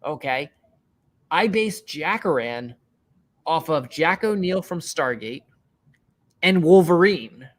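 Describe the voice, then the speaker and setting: Chatty man with a higher voice. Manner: rambling, animated, swears casually. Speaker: streamer. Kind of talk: casual chat.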